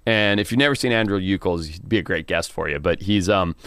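A man guest on a podcast telling a wild story in a casual, animated way, swearing and laughing now and then. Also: low voice, a little fast, clear, resonant tone. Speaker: podcast guest, wildlife TV presenter.

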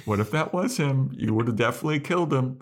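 A man's voice: mid-range voice, expressive, quick pace, pitched above the performer's own voice. A man doing a pleading young heroine. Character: calm-down young female hero, pleading.

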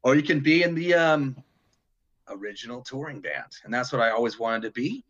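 A middle-aged touring guitarist from Detroit, Michigan, tells stories in a casual interview, rambling with plenty of restarts and the occasional swear. His mid-range voice is animated, a little fast and fairly bright, though the recording's highs are cut off.

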